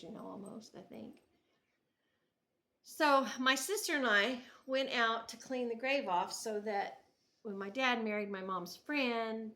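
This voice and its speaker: Bright-voiced chatty woman vlogger. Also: medium pitch, vocal fry. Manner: chatty, laughs often, restarts sentences. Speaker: knitting vlogger. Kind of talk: casual storytelling to camera.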